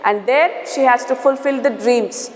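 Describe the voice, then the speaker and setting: A high-pitched woman with an Indian English accent explains a textbook lesson in a slow, repetitive way, with many fillers and an "okay?" after each point. Her voice rings in a bare, echoey room with a long reverb tail. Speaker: English teacher.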